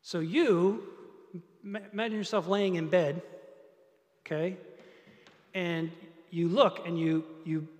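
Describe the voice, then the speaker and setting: High-voiced preacher in a reverberant hall. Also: male voice, slow pace, long pauses. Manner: animated, building to loud emphatic peaks. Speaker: pastor. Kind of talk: sermon. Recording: long reverb of a large hall.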